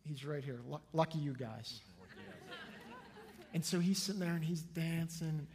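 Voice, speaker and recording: A male pastor preaching a sermon to his congregation, telling stories with lively energy and acting out the people in them. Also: fairly high pitch, measured pace, some chatter behind. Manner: lively storytelling, acts out the people in his anecdotes. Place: church sanctuary before a congregation. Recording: long hall reverb.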